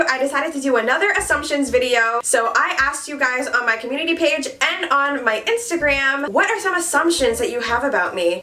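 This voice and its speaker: A young woman talks through her makeup routine in a frank, sassy, joking way, swearing without a second thought. Her voice sits a little high. She sounds a touch distant from the mic. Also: pushed and bright. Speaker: beauty vlogger. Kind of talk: casual chat while doing makeup. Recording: voice a bit far from the mic.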